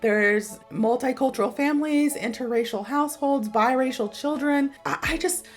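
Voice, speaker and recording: A woman's voice: high-pitched, moderate pace, faint music behind. An American woman teaching English, telling an emphatic personal story and repeating points for stress.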